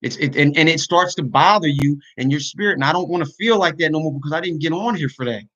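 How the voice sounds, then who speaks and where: A man's voice: fairly high pitch, quick pace, fairly bright tone, lo-fi sound. A man talking earnestly to his online community in a casual livestream, venting his frustrations. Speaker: YouTuber and podcaster.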